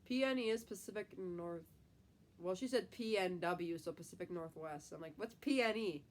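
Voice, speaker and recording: Chatting with her live-stream viewers and reading out their comments, a young woman from the American Midwest rambles along, full of fillers and congested from a cold. She speaks at a normal pace in a lowish, darkish voice with a Midwestern accent.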